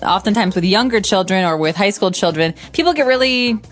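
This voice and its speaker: A woman's voice: medium pitch, animated, fairly quick. A woman co-hosting a lesson podcast, explaining words with example sentences. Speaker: podcast co-host. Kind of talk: English lesson chat.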